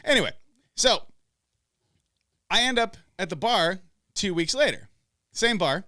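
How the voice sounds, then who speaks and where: A man hosting a podcast, telling stories in a loud, profane, animated way. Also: high voice, unhurried, long pauses, no echo, studio quality. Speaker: podcast host. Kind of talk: casual chat, storytelling.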